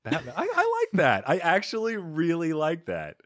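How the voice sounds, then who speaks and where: A man's voice: a little high, huge pitch swings, normal speed, a bit bright, no room sound, studio quality. A man hosting a comedy podcast in casual chat, effusive and playful. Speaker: podcast host.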